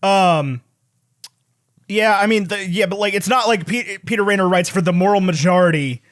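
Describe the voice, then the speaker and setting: A man with a high voice hosts a movie podcast in a relaxed, chatty way. He steers the segment and drops dry, wry jokes. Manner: wry, quick quips, leads the segment. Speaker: podcast host. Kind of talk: casual movie chat.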